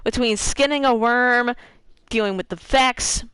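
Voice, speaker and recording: A woman streamer casually retelling a game's story, animated, laughing and swearing as she acts out quick voices for the characters. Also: on the high side, clean tone, dry recording, low-quality recording. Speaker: gaming streamer. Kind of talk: casual lore retelling while gaming.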